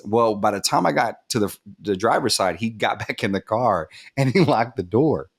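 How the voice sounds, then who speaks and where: A man as a podcast guest telling a personal story candidly, acting out what others said and turning soft and subdued as it gets emotional. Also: lowish voice, fairly quick, hardly any pauses, husky. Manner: animated, acts out quoted dialogue, laughs at himself.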